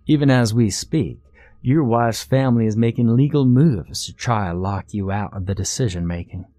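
A man voicing a formal, measured male servant of a sinister king, speaking in a pompous, courtly way. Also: on the low side, dark tone, no echo, lightly acted. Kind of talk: storytelling.

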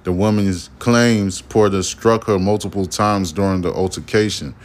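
A man's voice: sits low, fairly even intonation, moderate pace. A man hosting a podcast, reading news items and giving loose, profane commentary. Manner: loose, profane, acts out imagined dialogue. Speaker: podcast host.

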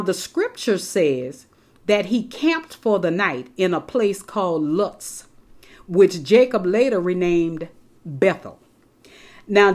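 A woman preaching an emphatic sermon, repeating key phrases and speaking directly to her congregation. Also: medium pitch. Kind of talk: sermon, Bible teaching.

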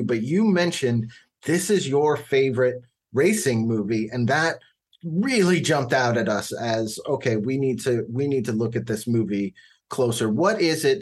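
A man's voice: mid-range voice, husky. A male podcast host with a mid-range voice opens the show. He talks with eager enthusiasm, rambling through his introduction with plenty of fillers. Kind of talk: casual podcast chat.

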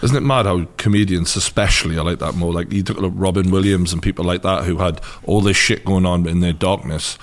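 Geordie guy with a really low voice, chill host just going yeah yeah. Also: a little fast, few pauses. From Northeast England. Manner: laid-back, brief agreeing replies. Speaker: interviewer host. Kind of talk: casual chat.

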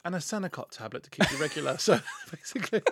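A man's voice: a little high, expressive, quick pace, husky. A man co-hosting a podcast in a studio, chatting in a camp, playful, teasing way with frequent giggles. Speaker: podcast co-host. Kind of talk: camp, bantering casual chat.

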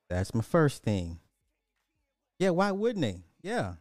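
A man, ranting in casual commentary, loose and animated, swearing and repeating himself. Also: a little high, slow pace, pauses often, no echo, clean studio sound, faint music behind.

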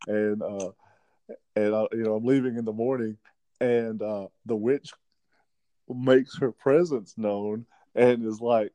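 A man's voice: medium pitch, fairly even intonation, takes it slowly, darkish tone, no room sound. A man co-hosting a podcast in casual chat, laid back and hesitant, with many "uh" fillers. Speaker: podcast co-host.

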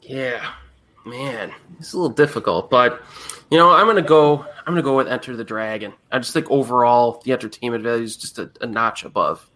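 Man, easygoing, bright voice, casual panel talk. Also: medium pitch, brisk.

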